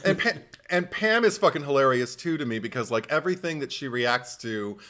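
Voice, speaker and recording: A man hosting a podcast in loose, casual chat. His voice is bright and forceful, he rambles with enthusiasm, and he swears freely. He laughs often as he goes. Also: medium pitch, animated, a little fast. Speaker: podcast co-host.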